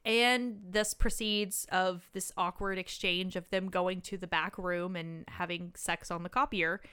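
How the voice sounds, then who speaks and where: On the low side and smooth, her voice moves at a measured pace as she co-hosts a podcast. She casually recaps a film, telling it animatedly and acting out the lines characters speak.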